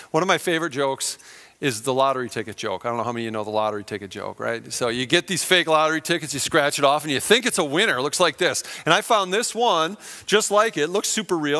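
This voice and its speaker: A man's voice: a little high, sharp tone. Man preaching in a reverberant hall. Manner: conversational, self-deprecating storytelling with acted-out quotes. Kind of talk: sermon with storytelling.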